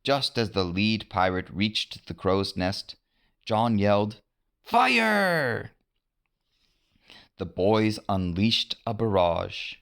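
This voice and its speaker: A man narrating a storybook adventure in an expressive read-aloud manner. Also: lowish voice. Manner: expressive, unhurried.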